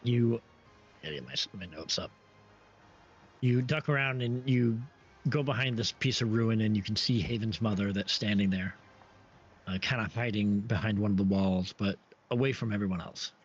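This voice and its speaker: A man's voice: fairly low pitch, normal speed. A man narrating as game master for a tabletop game, hesitant with many fillers and restarts. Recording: dull lo-fi stream audio with faint ambience.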